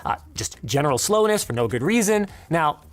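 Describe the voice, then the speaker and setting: A woman's voice: sits low, big pitch swings, brisk. A woman presenting a scripted tech review, complaining emphatically with a sarcastic edge.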